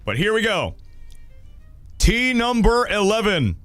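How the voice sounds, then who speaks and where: A young man hosting a stream, reading viewer stories aloud in a loud, excitable way, swearing and laughing. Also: sits high, takes it slowly, faint music behind. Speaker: streamer host.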